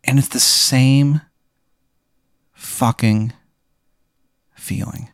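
A young man hosting a comedy podcast, telling an improvised absurd story with deadpan delivery. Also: medium pitch, extremely slow, gravelly, no echo, studio quality. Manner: deadpan, building absurd scenarios.

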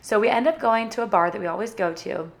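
Young woman chatting to camera, bubbly storytime, says like a lot, mid-pitched voice. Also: fast. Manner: chatty, bubbly, filler-heavy with frequent "like". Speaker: vlogger. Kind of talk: casual storytime.

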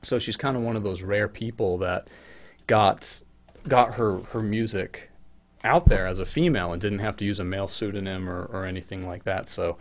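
A man's voice: lowish voice, steady tone, moderate pace. Chatty, jokey male co-host. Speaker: podcast co-host. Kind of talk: casual chat.

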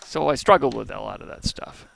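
A man's voice: medium pitch, lively intonation, a little fast, creaky, fairly bright tone. A middle-aged American man, a brewery founder, being interviewed on a podcast; he is thoughtful and often restarts his phrases while he searches for words. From United States. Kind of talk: reflective conversational interview. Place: home in Hawaii.

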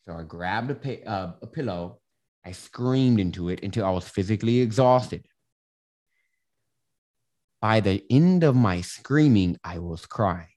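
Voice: low voice, animated, measured pace, pauses often, darkish tone. A self-help coach giving candid casual advice, explaining through a personal story with frequent restarts. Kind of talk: casual advice monologue to camera.

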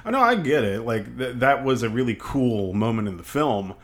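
A man co-hosting a casual film review chat. His voice sits at an ordinary middle pitch, and he hedges as he talks, circling back with fillers and restarts. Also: expressive, normal speed. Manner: hedging, frequent "like" and restarts. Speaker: film podcast co-host.

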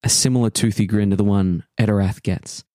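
A man narrating as game master of a tabletop game, describing a dream slowly with pauses. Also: fairly low pitch, fairly even intonation, dark tone, dry recording.

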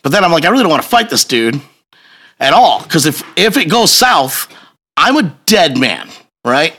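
A man with a bright, forceful voice tells a story in casual chat. His pitch swings widely as he acts out the scenes. He swears freely and laughs along the way. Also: normal speed. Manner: animated, profane storytelling with laughter.

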